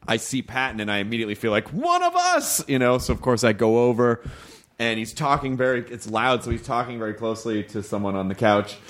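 A man hosting a podcast, telling a story in casual chat with lively quoted voices. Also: fast talker. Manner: animated storyteller, jumps pitch for quoted voices. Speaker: podcast host.

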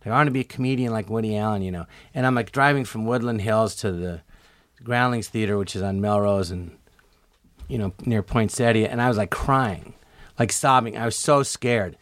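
Middle-aged male comedian guest, animated storyteller, dry close sound. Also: lowish voice, brisk, no echo. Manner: animated, acts out quoted voices. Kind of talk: casual storytelling interview.

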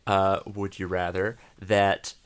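A man guesting on a comedy podcast who speaks in a somewhat low voice. He tells his story deadpan and in a halting way, with plenty of fillers. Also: clean tone. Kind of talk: casual comedic chat.

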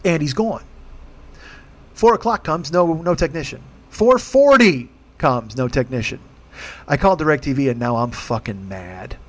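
A man's voice: fairly high pitch, expressive, measured pace. A man telling a profane, comic story as a rant, acting out the people he quotes in put-on voices. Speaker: podcast host.

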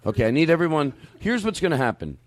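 A man's voice: a little high, sing-song, fast talker, faint music behind. A man hosting a comedy show in a studio, bossing people around with mock authority, shushing and laughing between lines. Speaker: podcast host. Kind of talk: comedic banter.

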